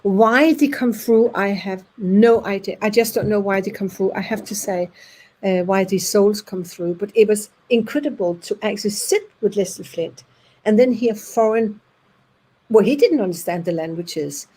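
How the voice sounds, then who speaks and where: Danish-accented woman telling lively anecdotes. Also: medium pitch, low-quality recording. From Denmark. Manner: lively, acts out voices in her anecdotes, with halting restarts. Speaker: speaker at an audience evening. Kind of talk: anecdotal storytelling to an audience.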